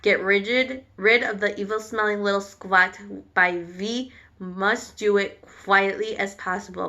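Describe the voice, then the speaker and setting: Bright-voiced bossy witch leader read by a woman, storybook read-aloud, short sharp commands. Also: medium pitch, lo-fi sound. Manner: barking orders in short commands.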